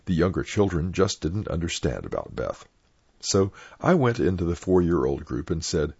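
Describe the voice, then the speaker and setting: An older man, a clergyman, reading his own personal anecdotes aloud in a plain, unhurried storytelling manner. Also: a bass voice, big pitch swings, gravelly, a little mellow, breathy edge, no echo. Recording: dull lo-fi dry recording.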